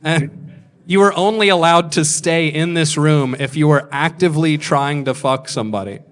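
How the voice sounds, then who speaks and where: A man in his thirties, slightly high-voiced with a clean tone and moderate pace, does stand-up storytelling. His humor is crude and self-mocking, peppered with impressions of other people.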